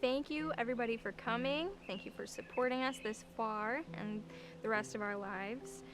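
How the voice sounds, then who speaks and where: A woman's voice: on the high side, normal speed, music in the background. A young woman, the bride, giving an earnest, heartfelt wedding toast.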